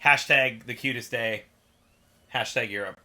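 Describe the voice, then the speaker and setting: Band member, male, casual podcast chat, vivid storyteller, bright tone. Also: medium pitch, unhurried. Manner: animated storyteller, acts out quotes, laughs often.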